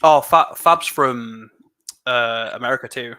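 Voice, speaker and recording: Bright-voiced chatty English man. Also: medium pitch, clean tone. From England. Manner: chatty, rambling, quick laughs. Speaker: livestream co-host building LEGO. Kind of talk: casual chat.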